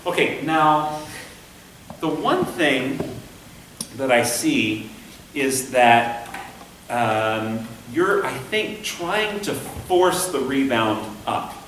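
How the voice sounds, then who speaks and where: A man coaching a conducting student in a patient, hands-on way, often singing syllables to show the beat. He is picked up from across an echoey rehearsal room. A faint hiss sits under his medium-pitched voice. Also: expressive, drawn-out words, long pauses, fairly bright tone, distant mic. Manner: patient, demonstrative, sings syllables to show rhythm. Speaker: conducting instructor. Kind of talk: classroom coaching.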